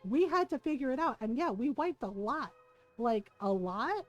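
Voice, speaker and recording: A middle-aged woman streaming and telling a story in a casual chat, chatty and laughing often, keeping her listeners in with a steady "right?". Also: fairly high pitch, normal speed, lo-fi sound, soft background music. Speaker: livestreamer.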